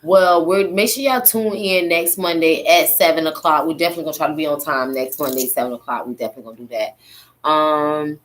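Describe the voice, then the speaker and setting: A woman's voice: low voice, steady tone, fairly quick. A woman co-hosting a casual podcast, talking in a laid-back, slangy way. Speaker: podcast co-host. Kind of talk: casual chat.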